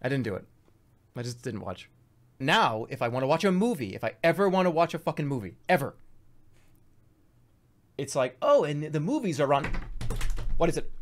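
A man in his thirties streaming, rambling through comic stories in an animated, swearing storytelling way. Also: mid-range voice, fairly quick, pauses often.

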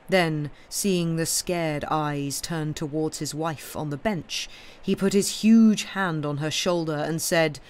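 A man reading a classic mystery story aloud in a steady storytelling manner on a live stream. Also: fairly high pitch, slow. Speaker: reader.

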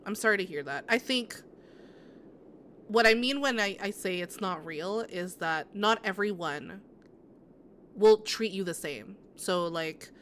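A woman's voice: mid-range voice, lively intonation, a little slow, fairly bright tone. Woman, game streamer, casual chat with viewers, sympathetic, rambling, faint background noise. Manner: sympathetic, answers chat messages; rambling with many restarts and "like". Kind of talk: casual live-stream chat while gaming.

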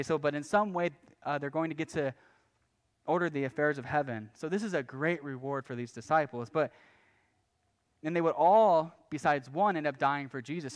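A pastor preaching a sermon in a casual, conversational way, often restarting phrases and adding light asides. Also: male voice, fairly high pitch. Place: church.

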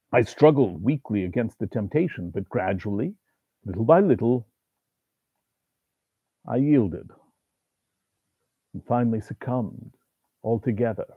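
Expressive man reading a ghost story. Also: mid-range voice, slightly rough, dry recording. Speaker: audiobook reader. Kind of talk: scripted narration of a ghost story. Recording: tinny phone-like dry sound.

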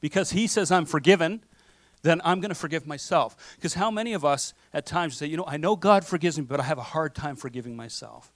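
A man pastor with a slightly higher voice preaches in a relaxed, conversational way and keeps checking in with his listeners. He acts out the things people tell themselves. The sound is close and dry, with almost no room around it. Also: fairly quick, no room sound. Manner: conversational preaching with frequent "okay?" and acted self-talk. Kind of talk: sermon. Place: church sanctuary.

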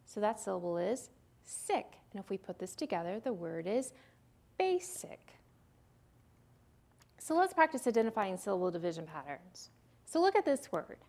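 A woman giving a recorded lecture on phonics, explaining step by step in a patient, teacherly way and sounding out words as she goes. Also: mid-range voice. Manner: models the sounds aloud. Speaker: literacy presenter.

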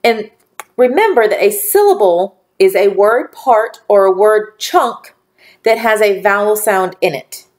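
A woman teacher giving a phonics lesson to young children, speaking slowly and clearly with encouraging praise. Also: mid-range voice, animated, darkish tone. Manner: slow, clearly enunciated, encouraging.

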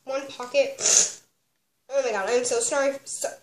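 A woman's voice: sits high, steady tone, moderate pace. A young woman with a sniffly voice chats through a craft tutorial at her home desk, rambling with lots of fillers. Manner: bubbly, rambling with many "like" and "um". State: sniffly from a cold. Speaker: craft vlogger reviewing a kit. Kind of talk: casual chatty tutorial. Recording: echoey room, faint background noise.

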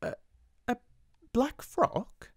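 A timid, stammering spinster lady with a British accent, high and quavering, forever flustered and close to tears, as a male reader puts her on. Her lines come slow and breathy in a dry, close storybook reading. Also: wildly swooping pitch, dry recording, exaggerated voice. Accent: British English. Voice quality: stammering, tearful. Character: flustered timid middle-aged spinster sister. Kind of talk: soft-spoken audiobook reading.

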